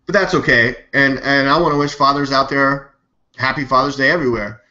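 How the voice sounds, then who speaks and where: A man hosting a live news stream, talking in a rambling, animated, skeptical way and swearing now and then. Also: mid-range voice, fairly quick. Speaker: live news show host. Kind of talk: casual live-stream commentary. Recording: dull lo-fi webcam audio.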